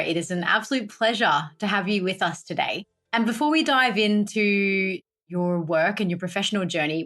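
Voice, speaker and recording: A woman's voice: on the low side, fairly bright tone. A woman podcast co-host welcoming a guest politely and formally. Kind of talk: interview welcome.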